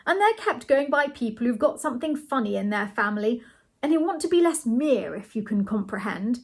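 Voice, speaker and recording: A woman reading the lines of a pompous, condescending male earl in a storybook, in a grand, airy manner with a husky voice. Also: fairly high pitch, big pitch swings, brisk, full character voice. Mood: lofty.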